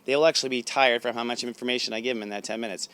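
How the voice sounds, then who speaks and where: A man with a smooth, resonant voice hosts a spiritual guidance talk. He speaks in a chatty, animated and self-assured way, coaching his viewers as a sensei would. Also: mid-range voice, very fast. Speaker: spiritual intuitive host.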